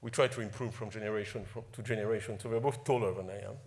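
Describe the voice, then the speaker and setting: This man's voice is gravelly, lowish and darkish, fairly even in intonation, and he talks rapid-fire. An Ivorian chief executive and native French speaker, he gives an informal award speech at a ceremony, emotional and self-deprecating, stumbling into restarts and repeated words.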